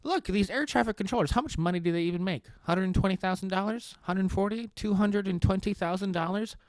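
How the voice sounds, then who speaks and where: A man's voice: high voice, fast talker, no echo. Sarcastic man, dry close sound. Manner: deadpan satire, swears, laughs at own jokes. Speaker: podcast host. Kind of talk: sarcastic comedic monologue.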